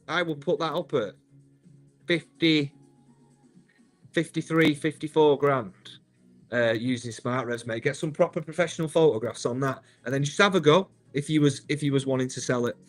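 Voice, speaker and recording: A man's voice: fairly high pitch, fairly bright tone. A man, hosting a live stream, chatty and upbeat, calling viewers "mate". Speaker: host.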